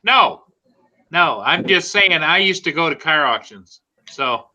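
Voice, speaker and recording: A man's voice: on the high side, expressive, measured pace, bright, forceful tone. A man co-hosting a casual live stream, joking dryly and often repeating his words. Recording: dull lo-fi stream audio.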